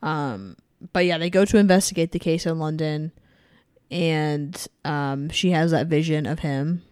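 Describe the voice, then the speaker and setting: Woman, casual podcast chat, low voice, halting loose phrasing. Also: clean tone, dry recording, studio quality. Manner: relaxed, backchannels often, loose halting phrasing.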